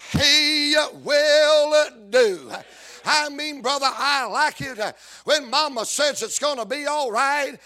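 A man preaching a sermon, shouting and chanting his lines in a sing-song cadence. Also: very high voice.

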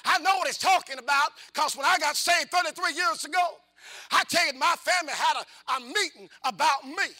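A middle-aged man preaching a call-and-response sermon. He talks in a folksy, repetitive way, questions the congregation, and swings between hushed asides and fervent shouting. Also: extremely high pitch, a little fast.

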